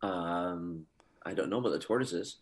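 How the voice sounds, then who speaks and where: Middle-aged man telling lively anecdotes. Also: deep voice, normal speed. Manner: animated storyteller, chuckles often. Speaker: guest actor.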